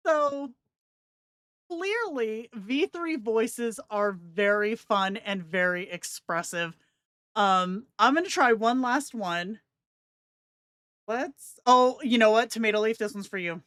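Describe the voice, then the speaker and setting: Giggly, unhurried woman streamer. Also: on the high side, animated, a bit bright, no room sound, clean studio sound. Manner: giggly, enthusiastic, talks to her viewers. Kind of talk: casual live stream chat.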